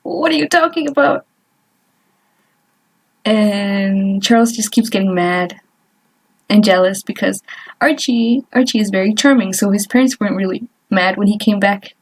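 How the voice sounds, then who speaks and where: A woman's voice: mid-range voice, fairly even intonation, normal speed. A young woman vlogger chatting casually while she doodles, rambling and trailing off with lots of fillers and little laughs. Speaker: artist vlogger.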